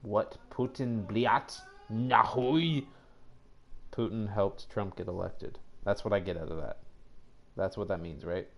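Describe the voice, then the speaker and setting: A man's voice: low-pitched, fairly even intonation, moderate pace, gravelly, a little mellow. A man chatting casually on a live game stream, joking crudely and reading chat aloud with plenty of ums. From Canada. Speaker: co-op streaming partner.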